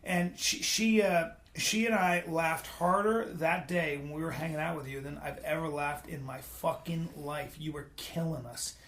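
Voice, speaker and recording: Male podcast host, higher voice, crude and hyped, in a roomy echo. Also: normal speed, few pauses. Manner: excitable, profane, hyping the guest. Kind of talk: casual podcast chat.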